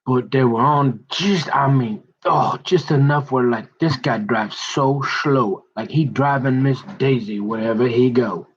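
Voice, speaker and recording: A man's voice: mid-range voice, lo-fi sound. A man telling a long personal story in a rambling, casual monologue. He speaks straight to his listener and keeps checking in with "right?" and "mm-hmm". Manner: drawn-out, meandering storytelling with many restarts.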